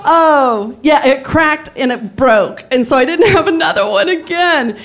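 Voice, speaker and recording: A woman's voice: sits high, unhurried, few pauses. A woman telling a comic personal story, often laughing through her words and restarting her sentences. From Texas.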